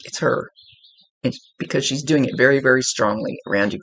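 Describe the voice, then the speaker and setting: A woman's voice: a bass voice, brisk, slight background noise, rough recording. A woman psychic medium giving a casual spoken reading, chatty and explanatory with folksy asides.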